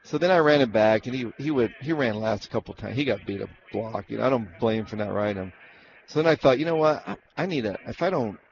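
A former racehorse trainer rambles through stories of those years, voicing other people's quotes and frequently starting his sentences over, in a casual interview. He talks fast and animatedly in a mid-range, creaky voice, with highs cut off and slight background noise.

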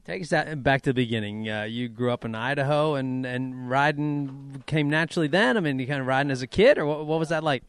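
A man interviewing a guest, asking relaxed conversational questions. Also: medium pitch, brisk, hardly any pauses, smooth, no room sound. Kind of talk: casual interview.

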